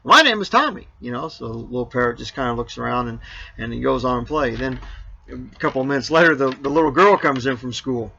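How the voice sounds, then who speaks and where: Bright, rambling man hosting an RV vlog. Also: mid-range voice, animated, quick pace, gravelly, highs cut off, slight background noise. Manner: rambling, with many fillers and restarts. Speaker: RV vlog host. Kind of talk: casual joke-telling monologue.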